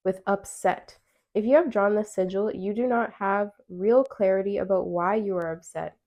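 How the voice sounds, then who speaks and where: A woman with a mellow voice and a gravelly fry runs a pick-a-card tarot reading. She speaks straight to her viewers, chatty and encouraging, and reads out card meanings as she goes. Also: mid-range voice, steady tone, unhurried. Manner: addresses viewers directly. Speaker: tarot reader.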